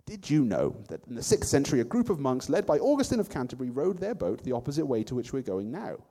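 A man's voice: mid-range voice, very animated, quick pace, mellow. A man voicing a friendly, chatty angel who speaks earnestly and with enthusiasm.

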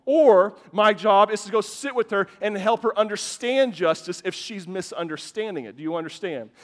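A pastor in his thirties delivers a passionate, emphatic sermon in a church hall, where the sound is big and roomy. His high-pitched voice keeps a moderate pace, surging into loud bursts and repeatedly starting over mid-phrase.

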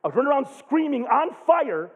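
A man in his thirties preaching, telling a funny camp story with excitable, jokey energy and loud bursts. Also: very high-pitched, fairly quick. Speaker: pastor. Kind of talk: animated sermon storytelling. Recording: tinny phone-like sound.

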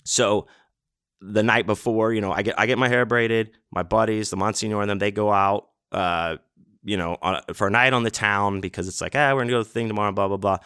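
A man's voice: fairly low pitch, a bit bright, no echo, studio quality. A man hosting his podcast, telling a rambling story casually with lots of fillers and swearing. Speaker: podcast host. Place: home setup in a city apartment.

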